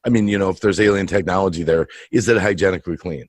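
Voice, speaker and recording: A man's voice: low-pitched, no echo. Man streamer, mock interviewer, earnest and rambling, dry close sound. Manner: rambling, halting, asks absurd questions earnestly. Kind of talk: improvised comedy interview.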